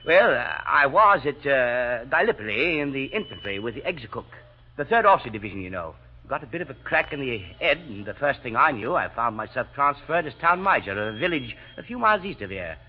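A man's voice: medium pitch, very animated, brisk, natural voice. A man playing a hearty Australian lieutenant. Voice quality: slangy, chummy, frequent hesitations. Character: cheery young Australian cavalry lieutenant, blunt. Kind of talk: 1940s radio acting. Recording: dull old radio recording.

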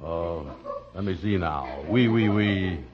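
An actor playing a slow, gullible male sidekick with a drawling, skeptical manner, in 1940s radio acting, on a muffled old radio broadcast. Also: low-pitched.

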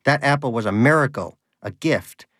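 A man voices a hungry, pious pet hamster that preaches with earnest indignation, pitching his mid-range voice above his natural one. The delivery is preachy, lively and moderately paced with a fairly bright tone. The studio sound is clean, with no room sound.

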